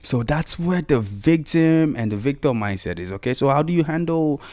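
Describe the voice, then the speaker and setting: A man hosts a solo motivational podcast in a voice that is a little high and slightly mellow, with lively intonation at a normal speed. He speaks casually and insistently, urging listeners, repeating himself, and filling with "you know."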